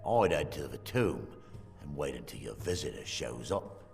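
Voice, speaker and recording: An actor playing a sly male dark elf tavern keeper in a game, talking in a put-on Cockney-style British accent with a knowing, teasing delivery. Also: a bass voice, big pitch swings, normal speed, creaky, slightly rough, heavily acted. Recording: game audio with long reverb and faint music.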